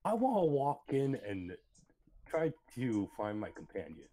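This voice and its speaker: Lively joking man playing a tabletop game. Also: medium pitch, unhurried, crowd noise, poor audio. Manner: joking, irreverent. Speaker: player. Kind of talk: tabletop role-play.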